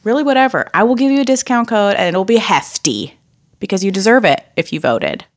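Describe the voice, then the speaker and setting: A young woman co-hosts a podcast, speaking at medium pitch and a little fast. She's lively and explains things casually, packing in lots of fillers during the chat.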